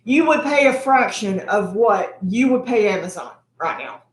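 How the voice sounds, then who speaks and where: A woman's voice: mid-range voice, lively intonation, normal speed. Chatty woman in an echoey room. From Texas. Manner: chatty, rambling, eating while talking. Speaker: cooking channel host. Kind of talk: casual livestream chat.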